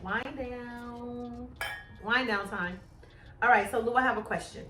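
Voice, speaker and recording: A woman in her forties co-hosting a casual chat show, animated and expressive as she talks about her grown son. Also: a little fast, distant mic, faint music behind. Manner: animated, acts out worried-mom questions in a higher voice. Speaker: podcast co-host. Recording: echoey room, off-mic.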